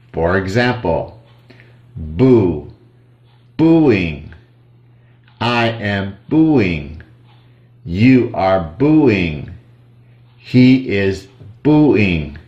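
A man with an American accent teaching English grammar to children, slowly spelling out letters and repeating drill sentences. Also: sits low, big pitch swings, lo-fi sound. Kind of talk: slow drilled grammar lesson for kids. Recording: echoey room.

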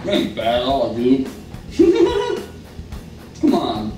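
A man doing a casual, crude food-challenge vlog, talking slowly and sometimes with food in his mouth. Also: mid-range voice, expressive, a little mellow. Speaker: food review vlogger. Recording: roomy audio from far mic with guitar music.

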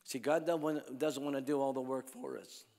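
A man preaching at a healing crusade, telling stories and swinging between loud calls to the crowd and hushed lines. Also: medium pitch, steady tone, normal speed, vocal fry. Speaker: evangelist preacher. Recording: long hall reverb.

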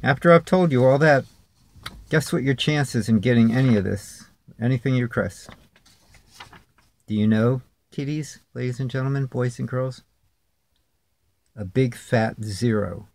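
A man's voice: medium pitch, unhurried, creaky, pauses often, darkish tone, a little hiss or hum. A man vlogging at home, talking in a sarcastic, rambling way straight at an unseen viewer. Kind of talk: casual monologue to camera. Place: home, near a street.

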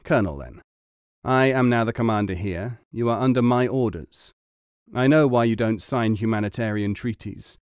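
A man playing a cold, deliberate resistance leader. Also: mid-range voice, a little mellow, clear, resonant tone, dry recording, clean studio sound, close to an everyday voice. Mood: menacing. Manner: slow, deliberate, menacing.

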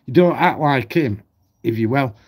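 A man's voice: medium pitch, lively intonation, moderate pace, a little mellow, breathy edge. A man ranting at home on his channel, blunt, heated and full of swearing. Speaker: vlogger. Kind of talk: ranting commentary.

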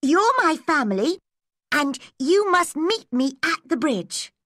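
Storybook girl, high and bright, put on by a woman reader, proud, dramatic. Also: very animated, slow, dry recording, clean studio sound, full character voice. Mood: playful.

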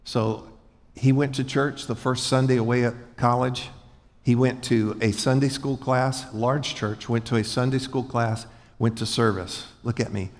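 A man's voice: medium pitch, steady tone, a little slow. A man preaching a folksy, joking sermon to a congregation, asking them to repeat after him. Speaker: pastor. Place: large church hall before a congregation. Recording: echoey church hall.

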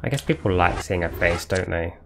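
A man's voice: low-pitched, animated, a little fast, vocal fry, noisy background. A man streaming a video game live, commentating and trading sarcastic jokes with his chat. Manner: joking, sarcastic banter with chat. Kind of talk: live gameplay commentary chatting with viewers.

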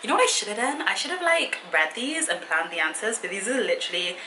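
A young woman chatting casually to camera in a Q and A, easily sidetracked and quick to laugh. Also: medium pitch, sing-song, pushed and bright, roomy sound, slight background noise, low-quality recording. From Britain. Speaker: fitness vlogger. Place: hotel room.

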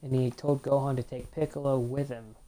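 A gaming channel host with a warm bass voice gives chatty let's-play commentary in a level tone at a fairly quick pace. She reacts to a fighting game and reads its text aloud.

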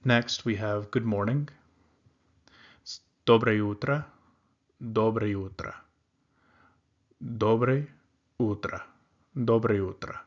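A man teaching beginners in an unhurried, patient way, repeating each phrase several times so learners can follow. His voice sits in a middle register. The recording sounds a little dull and lo-fi. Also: fairly low pitch. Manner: slow, repeats words carefully for learners. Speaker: language teacher. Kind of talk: beginner language lesson.

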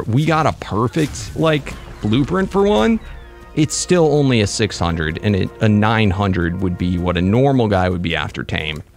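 A young man chatting casually to viewers while playing a video game, excitable and talkative. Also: mid-range voice, a little hiss or hum. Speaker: gaming YouTuber. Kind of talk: casual gameplay commentary.

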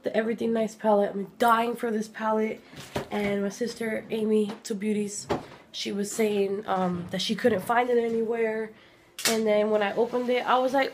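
A woman's voice: mid-range voice, steady tone, brisk, slight background noise. Gushing woman showing her gifts. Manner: gushing, chatty, drops to soft whispers. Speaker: vlogger. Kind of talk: casual vlog chat. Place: home, indoors.

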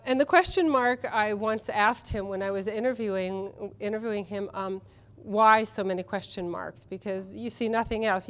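A woman who translates literature, speaking at a conference panel in a chatty, enthusiastic way with many ums and restarts. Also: mid-range voice. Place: conference session room.

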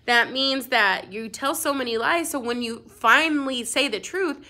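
A woman's voice: high voice, normal speed, sharp tone. A young adult woman teacher reading a storybook aloud to her class, playful and full of asides.

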